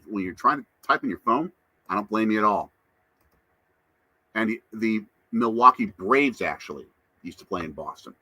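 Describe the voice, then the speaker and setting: A man's voice: fairly low pitch, sharp tone, no room sound. A man hosting a casual live stream, chatting to viewers and reading out their comments. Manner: chatty, answers chat comments. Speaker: livestream host.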